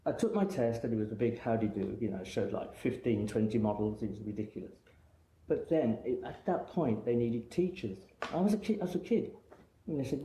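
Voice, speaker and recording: A man's voice: medium pitch, expressive, fairly quick, dark tone. A middle-aged man from England, a guest hairdresser telling long rambling anecdotes in casual chat. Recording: echoey room with faint noise.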